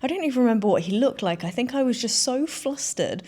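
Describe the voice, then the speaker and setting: A woman's voice: fairly high pitch, animated, quick pace, dark tone. Woman in her 30s, vlogger, chatty, giggly, self-deprecating, casual storytelling.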